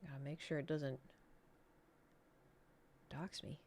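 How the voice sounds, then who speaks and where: Woman streamer, young adult, somewhat low voice, rambling casual chat at a desk mic. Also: fairly even intonation, takes it slowly, a little mellow, slight background noise. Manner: rambling, chatty, talks to chat and pet.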